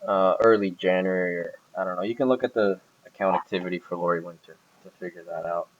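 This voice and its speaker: A man's voice: low voice, fairly even intonation, fast, phone-quality sound, slight background noise. A man talking casually about his boss, rambling with many hesitations and restarts. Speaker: employee describing his boss. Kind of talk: casual recorded conversation.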